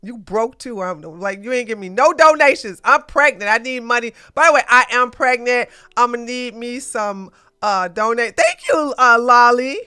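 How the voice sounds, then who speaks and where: A woman host rants bluntly through a casual political livestream, full of slang. Her voice sits a bit high, sharp and forceful, smooth and crisp. Faint music plays underneath. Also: moderate pace, few pauses. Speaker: podcast host.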